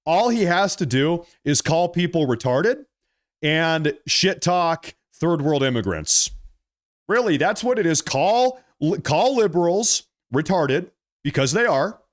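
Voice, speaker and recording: A man hosting a political commentary vlog, talking in a mocking, animated way and drawing out his emphasis. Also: a little high, takes it slowly.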